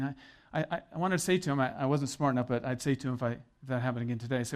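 A man's voice: mid-range voice, steady tone, very fast. A middle-aged man preaching a sermon as pastor, conversational and earnest with joking asides.

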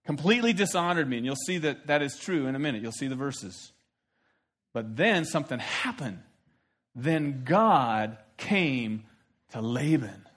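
A male pastor preaching a sermon verse by verse in an animated, playful way, often laughing as he explains. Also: medium pitch, unhurried.

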